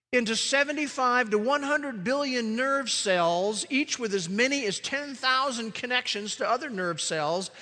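A man preaching a sermon, swinging from loud declarations to hushed, emphatic words. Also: very high voice, long reverb tail.

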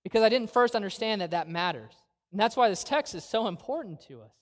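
Earnest high-voiced preacher in a hall. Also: male voice, expressive, a bit bright. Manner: earnest, with rhetorical questions and slow emphatic phrases. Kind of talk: sermon. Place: church sanctuary. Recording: long reverb of a large hall.

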